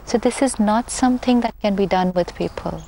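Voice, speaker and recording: A woman with an Indian accent gives calm spiritual guidance in a talk-show chat. Her voice sits at a middle pitch, and she speaks in a measured, earnest way, repeating key phrases for weight. A faint hiss runs under the recording. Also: gravelly. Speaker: spiritual teacher.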